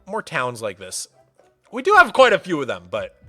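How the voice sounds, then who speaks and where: A high, bright male voice that leaps all over the place as he chats casually with his live audience. He is playful and quick to laugh, and he warmly welcomes viewers by name. Faint music plays softly behind him. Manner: animated, playful, laughs often; soft baby talk to his cat. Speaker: streamer. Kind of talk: casual livestream chat.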